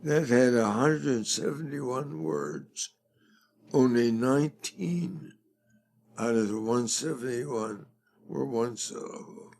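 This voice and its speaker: An older man, a fundraising expert, talking slowly and deliberately as a guest in a conversational interview. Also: mid-range voice, darkish tone.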